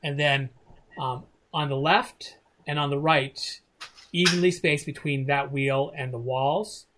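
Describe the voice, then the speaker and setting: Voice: medium pitch, steady tone, unhurried, a bit bright, slight background noise. Hesitant game master narrating. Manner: hesitant, many fillers and restarts.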